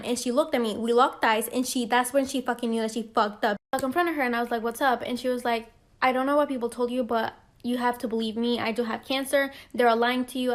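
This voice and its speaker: A woman telling a personal story casually, acting out the dialogue with animation. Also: on the high side. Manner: animated, acts out quoted dialogue.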